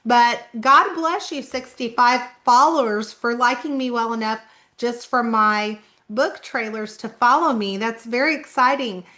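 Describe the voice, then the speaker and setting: A woman's voice: on the high side, measured pace, sharp tone. A middle-aged woman with a slight Southern Indiana twang, chatting casually to camera as an author introducing her channel. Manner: chatty, self-conscious, laughs often. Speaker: author vlogger.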